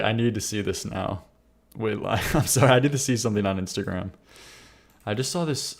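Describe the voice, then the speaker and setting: A man's voice: fairly low pitch, gravelly. A male streamer chats loosely while he reacts to submissions live. He rambles, restarts his sentences and stammers, and laughs often. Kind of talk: casual live-stream chat.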